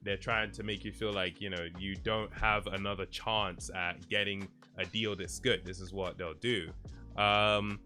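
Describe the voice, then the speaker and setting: A man's voice: deep voice, a little slow. A young man from Nigeria, telling a story in a casual, chatty way to his live stream chat. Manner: animated, laughing, chatty retelling. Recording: faint music behind.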